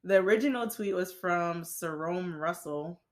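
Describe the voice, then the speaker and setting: A young woman hosting a casual chat, laid-back and slangy, laughing often and talking while high. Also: unhurried. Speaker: podcast host.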